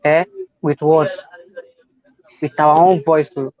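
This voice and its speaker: Nigerian host guy, high voice, gushing and repetitive, muffled dry audio. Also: level tone, slow pace. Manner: effusive, repeats himself, mixes in pidgin. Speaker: interview host. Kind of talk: casual interview chat. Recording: dull, dry.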